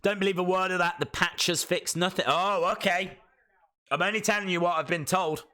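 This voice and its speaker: A man chatting through a live watch-along reaction stream. He is excitable and reads out viewer comments as he goes. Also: high-pitched, a little fast.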